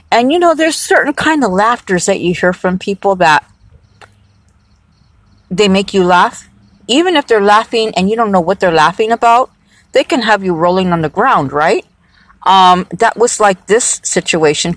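Chatty woman with a lowish voice. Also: fairly bright tone, dry recording. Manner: chatty, digressive storytelling. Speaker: rideshare driver. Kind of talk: casual anecdote.

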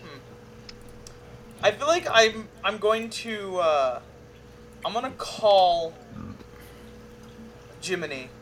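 Exasperated player taking charge. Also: female voice, mid-range voice, lively intonation, slow pace, long pauses, a little hiss or hum. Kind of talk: casual tabletop game chat.

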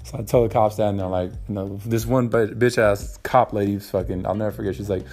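A man's voice: on the low side, fairly even intonation, quick pace, few pauses, darkish tone, soft background music. A young man hosting a casual solo podcast, rambling and swearing freely with lots of ums and uhs. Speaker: podcast host.

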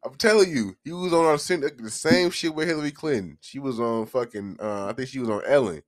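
A man's voice: medium pitch, expressive, fast talker, few pauses, no echo. A man hosting a podcast, ranting in a heated, profane and joking way. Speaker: podcast host. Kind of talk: casual podcast rant.

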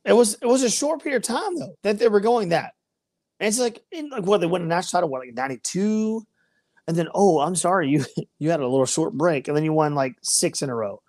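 A woman's voice: fairly low pitch, animated, quick pace, a little mellow, no echo, studio quality. A woman co-hosting a casual sports chat, ranting and mocking rival fans. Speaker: podcast co-host.

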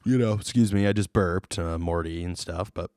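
A man co-hosting a podcast in casual chat, jokey and animated, laughing often. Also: sits low, normal speed, smooth, no echo, studio quality. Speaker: podcast co-host.

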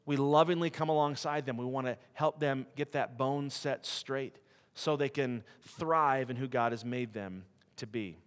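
A man's voice: medium pitch, a little slow. A middle-aged man preaching a sermon as a missionary, conversational and self-deprecating as he tells stories. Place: church hall. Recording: long reverb of a church hall.

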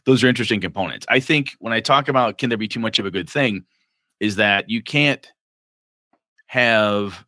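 A man co-hosting a casual chat about running tabletop games, animated and slipping into quick character voices. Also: mid-range voice, dry recording, clean studio sound. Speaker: game master podcast co-host.

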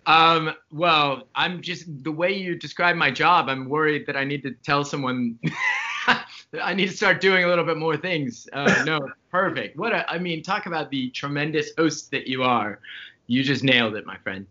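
A male guest talks from his home bar over a video call, cheerful and loose as he rambles through his answers. His voice is very bright and a little high. The audio is dull and lo-fi. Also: moderate pace. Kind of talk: casual interview chat.

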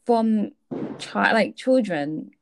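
Lively young woman chatting casually. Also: mid-range voice, drawn-out words, gravelly, a little hiss or hum. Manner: animated, acts out quoted voices, laughs often. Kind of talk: casual chat.

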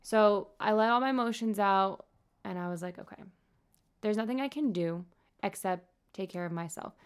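A young adult woman who works as a nurse shares her own health story in a casual personal vlog. Her voice is mid-range and clean, at normal speed, and she talks openly, candidly and earnestly.

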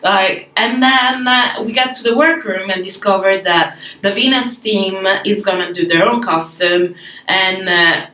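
A woman co-hosting a casual chat, quick to agree and laughing along. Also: medium pitch, sharp tone, reverberant, distant mic. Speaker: podcast co-host.

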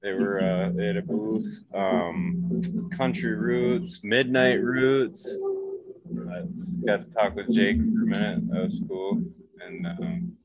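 A man with a somewhat low voice chats casually as a guest, rambling through his story with lots of fillers. His pace is slow, and clear music plays behind him. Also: rough recording. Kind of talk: casual chat.

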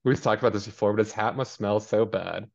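A man with a slightly low voice chats through a TV episode for a podcast, jumping into character bits as he goes. The recording sounds dull and lo-fi. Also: creaky. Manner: animated, acts out characters in quick asides. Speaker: podcast co-host. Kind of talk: casual recap chat.

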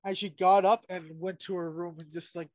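A man's voice: high-pitched, flat delivery, fairly quick, a little mellow. A man co-hosting a wrestling podcast, talking laid-back with lots of fillers and swearing. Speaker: podcast co-host. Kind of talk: casual wrestling podcast chat.

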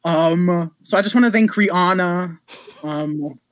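A woman's voice: lowish voice, unhurried, dry recording. A woman co-hosting a podcast in casual chat, talking frankly with lots of fillers and some swearing. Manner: chatty, filler-heavy, frank and profane. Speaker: podcast co-host.

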